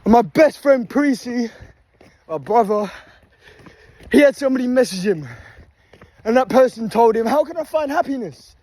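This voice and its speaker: A man's voice: very high voice, lively intonation, normal speed, pauses often, mellow, dry recording. Breathless man ranting while running. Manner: swearing, preachy, breathing hard while running. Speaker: fitness vlogger. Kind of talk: motivational rant. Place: outdoors by a motorway at night. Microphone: phone held while running.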